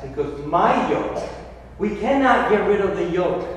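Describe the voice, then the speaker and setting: A high-voiced male priest gives a homily, telling a fable with restarts and slowing down to stress his points. His voice carries through a big church with a long reverb, picked up from far off over faint room ambience. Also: slight background noise. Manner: storytelling, with restarts and emphatic slowing. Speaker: Catholic priest. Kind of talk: sermon.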